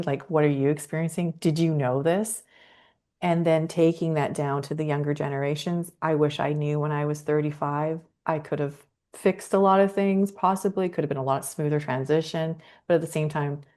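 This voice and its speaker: A middle-aged woman speaking as a guest on a podcast. She talks casually, with enthusiasm and frequent laughter. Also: deep voice. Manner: enthusiastic and expressive, laughs easily. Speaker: podcast guest, creative professional.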